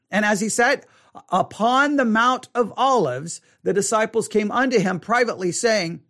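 A man teaching a Bible study, reading scripture aloud and then explaining it with emphatic repetition, slowing down to stress his points. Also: high voice, pushed and bright. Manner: emphatic, repeats key words, slows down to stress points.

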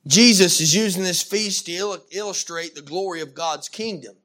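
A man preaching a sermon, animated and emphatic, with frequent restarts and calls of amen. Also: high voice, normal speed. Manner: animated, with many restarts and Southern-style "y'all".

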